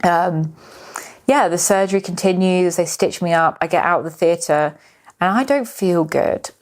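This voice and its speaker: A woman's voice: lowish voice, measured pace. A young woman from the United Kingdom hosting a podcast, telling a personal story in a candid, chatty way, swearing freely and filling with "like". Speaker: podcast host. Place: indoors, filming herself.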